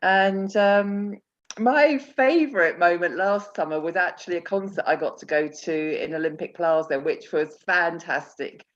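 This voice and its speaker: A woman's voice: lowish voice, unhurried, lo-fi sound. A woman on a church video call, chatty and laughing easily as she shares memories. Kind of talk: casual chat.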